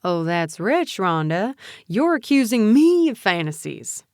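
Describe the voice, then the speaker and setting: A woman's voice: mid-range voice, sing-song, unhurried, no room sound, studio quality. A woman voicing a snide young male political operative with a Mississippi drawl and a sneering, mocking manner.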